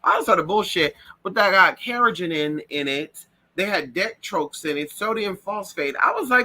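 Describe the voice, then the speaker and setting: A man hosting a casual livestream, telling stories in a sassy, profane, animated way and breaking into shrill voices for the people and birds he mimics. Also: measured pace. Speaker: livestream host. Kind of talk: casual gossip chat.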